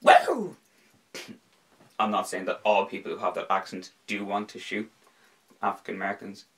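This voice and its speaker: A man's voice: low-pitched, brisk, low-quality recording. A man hosting a podcast in casual sports chat, rambling and swearing freely. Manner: animated, slips into impressions. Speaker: podcast host.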